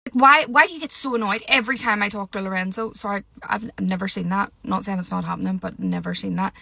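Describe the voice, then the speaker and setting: A young woman vents in a heated, sweary rant. Her voice is bright and forceful. The recording is dry and close, with no room sound. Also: medium pitch, fast, gravelly, dry recording. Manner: heated, sweary, exasperated ranting. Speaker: reality TV commentator. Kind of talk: ranting vlog.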